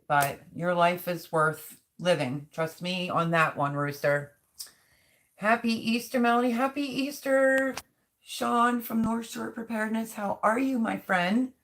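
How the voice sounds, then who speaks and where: A woman's voice: sits low, fairly bright tone. A middle-aged woman hosting a live stream, reading viewers' chat comments aloud and answering them in a heartfelt, openly emotional, chatty way. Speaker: livestream host.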